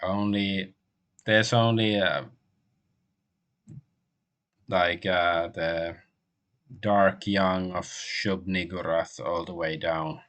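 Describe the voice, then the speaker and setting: A man streaming a game, translating the on-screen text aloud as he goes, with frequent pauses and restarts. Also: deep voice, steady tone, fairly bright tone. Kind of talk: live game stream commentary.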